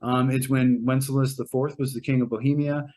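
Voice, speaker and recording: A man's voice: medium pitch, little pitch movement, a little fast, warm tone. A man giving a casual, rambling spoken movie review, with many fillers and restarts. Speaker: movie reviewer, show co-host.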